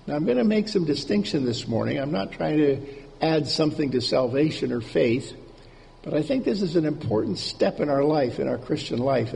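A man's voice: medium pitch, creaky, darkish tone. A man preaching a conversational sermon in an informal way, repeating key words for emphasis, heard in a reverberant hall with faint background noise.

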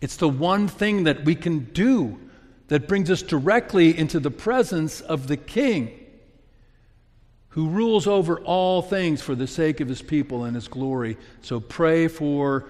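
Slow-speaking pastor preaching in a reverberant hall. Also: male voice, on the high side. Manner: earnest, rising to emphatic peaks then dropping soft. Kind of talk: sermon. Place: church sanctuary. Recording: long reverb of a large hall.

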